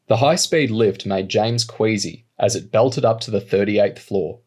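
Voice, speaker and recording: A man narrating an audiobook in a steady, measured reading voice. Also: lowish voice, breathy edge. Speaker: audiobook reader. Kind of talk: storybook narration.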